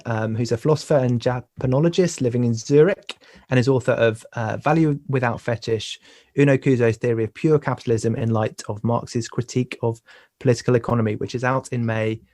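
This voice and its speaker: Halting male podcast host. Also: mid-range voice, a little mellow, dry recording, clean studio sound. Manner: halting, repeats words often. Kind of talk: conversational podcast interviewing.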